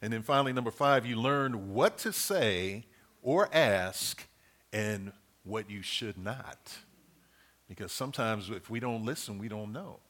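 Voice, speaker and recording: A man's voice: lowish voice, animated, a little slow, fairly bright tone. A middle-aged man preaching a sermon, earnest and repeating his key points as he works through a numbered list.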